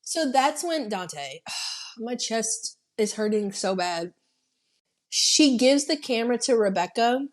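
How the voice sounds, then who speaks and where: Animated, swearing woman podcast host recapping a film. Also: fairly high pitch, takes it slowly. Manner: animated storytelling, heavy swearing, acting out quotes. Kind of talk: casual film recap chat.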